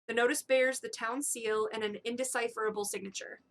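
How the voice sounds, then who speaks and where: A woman's voice: a little high, steady tone, brisk. A woman narrating a tabletop game as game master, hesitant and full of fillers.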